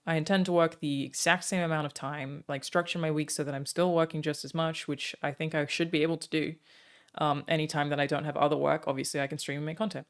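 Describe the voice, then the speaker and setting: A low, level voice belongs to an Australian woman chatting casually with her stream viewers. She frequently pauses with "um" and breaks off between stretches of talk to thank people by name.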